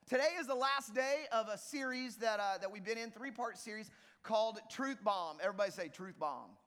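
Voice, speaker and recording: A man preaching a sermon as lead pastor, lively and joking with the congregation in a church auditorium. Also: sits high, a little fast. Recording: long reverb of a church hall.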